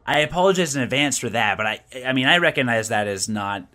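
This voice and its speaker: A young man co-hosting a casual gaming podcast, talking in an opinionated, animated way with frequent restarts. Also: medium pitch, fast talker. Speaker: podcast co-host and game reviewer. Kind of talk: casual chat.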